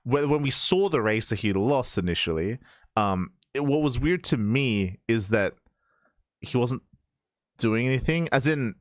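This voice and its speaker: A man's voice: mid-range voice, expressive, unhurried, no echo, clean studio sound. A man co-hosting a show review podcast, talking in a rambling casual way with many restarts. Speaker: podcast co-host.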